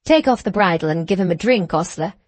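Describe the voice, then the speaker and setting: A woman voicing an inquisitive gentleman traveller on horseback, speaking briskly and politely in an audiobook reading. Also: fairly low pitch, animated, no echo.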